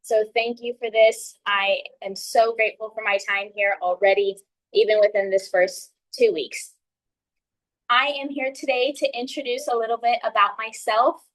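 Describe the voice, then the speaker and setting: A woman's voice: on the high side, steady tone, moderate pace, rough recording. A young woman with a Texan accent giving a friendly, earnest ice-breaker speech at a public speaking club. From San Antonio, Texas. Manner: friendly, earnest, laughs between points. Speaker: Toastmasters speaker.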